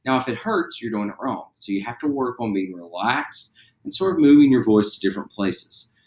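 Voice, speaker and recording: A relaxed young man with a West Virginian accent leads a recorded theatre lesson. His voice sits at a middling pitch and rings out in an echoey room. He chats along easily, full of ums and uhs, and breaks off now and then to demonstrate. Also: a little fast. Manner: relaxed, chatty, with frequent fillers and demonstrations. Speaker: theatre teacher. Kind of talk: recorded online class lesson.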